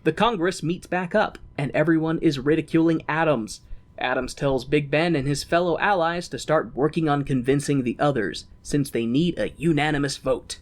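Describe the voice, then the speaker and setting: Young guy podcast cohost, kinda high voice, laughs a lot and does goofy character voices. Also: normal speed. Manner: animated, laughs often, acts out characters in silly voices. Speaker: podcast co-host. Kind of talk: casual chat recapping a musical.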